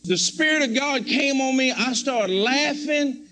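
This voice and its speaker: High-voiced man preaching a testimony. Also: unhurried, sharp tone, poor audio. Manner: storytelling, acts out his own past words and prayers; pleading prayer voice, rising to fervent exclamations. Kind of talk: sermon testimony.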